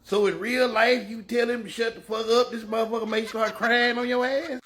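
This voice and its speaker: Man, higher-pitched voice, boastful profane rant. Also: fairly even intonation, normal speed, a bit bright. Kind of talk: casual rant.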